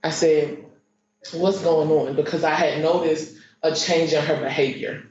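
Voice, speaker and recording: A woman giving courtroom testimony, halting and repeating herself with many fillers. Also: deep voice, fairly even intonation, darkish tone. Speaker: witness. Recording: echoey muffled courtroom stream.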